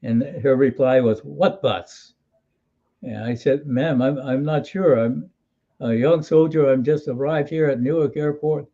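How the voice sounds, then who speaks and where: A man's voice: medium pitch, fairly even intonation, normal speed, dark tone, dull audio. A man in his eighties from Hawaii, a military veteran telling wry, folksy stories in an interview with frequent restarts. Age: 80s. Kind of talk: storytelling in an interview.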